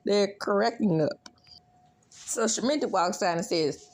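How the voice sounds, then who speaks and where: A woman recapping a TV episode in a chatty, animated way, laughing often and squealing when she quotes lines. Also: fairly low pitch, measured pace. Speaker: recap vlogger.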